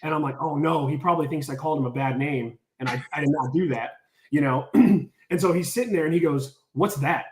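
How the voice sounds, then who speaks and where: A man tells a story in a relaxed, chatty way. He speaks in a slightly high voice and acts out the quotes. The room echoes around him. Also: quick pace. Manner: animated, lots of "like", acts out quotes. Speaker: storyteller on a podcast. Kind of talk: casual storytelling.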